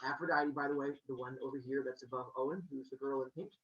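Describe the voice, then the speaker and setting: A male teacher telling myths to a classroom as an animated, joking storyteller who quizzes his students. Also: medium pitch, fast talker, reverberant. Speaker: middle school teacher. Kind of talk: classroom lesson on mythology. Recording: dull lo-fi classroom recording.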